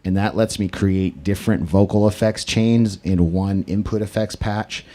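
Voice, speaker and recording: A man's voice: deep voice, moderate pace, mellow. A male live-looping musician walking through his gear in a loose, self-correcting way while he plays. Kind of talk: casual gear demo. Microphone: vocal stage mic.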